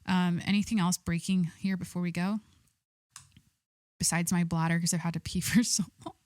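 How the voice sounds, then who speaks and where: A woman's voice: lowish voice, steady tone, moderate pace, darkish tone, no echo. Young woman host, solo podcast chat, rambling and profane, dry close sound. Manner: rambling, swears often, many fillers.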